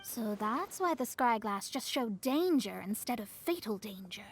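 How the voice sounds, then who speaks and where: An actress voicing a haughty, sharp-tongued young woman astrologist in a game. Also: on the high side, lively intonation, unhurried, a little hiss or hum. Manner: teasing, haughty. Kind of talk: game voice acting.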